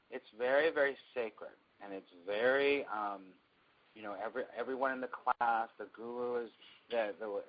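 A man telling a long personal story to a small group in a casual, animated way, often laughing as he goes. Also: mid-range voice, dull audio.

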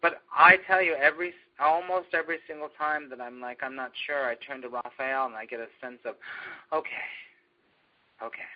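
A man leading a meditation group, rambling gently with many fillers and restarts. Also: on the high side, little pitch movement, fairly quick, few pauses. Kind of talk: spiritual group discussion. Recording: dull lo-fi recording.

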